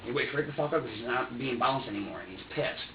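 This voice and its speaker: A man's voice: medium pitch, a little hiss or hum. A man in his twenties giving a rambling, profane statement during a police interrogation, stumbling over repeated words. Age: 20s. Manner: rambling, profane, halting repetitions. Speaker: suspect being questioned. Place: interview room. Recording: dull, distant, echoey room recording with faint ambience.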